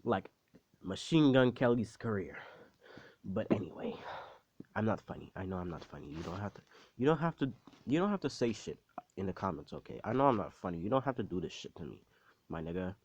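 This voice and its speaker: A man's voice: on the low side, expressive, moderate pace, pauses often, darkish tone, dry recording. A young man retelling a story in a casual, rambling, profane way, full of slang and self-deprecating asides. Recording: dull, dry close recording.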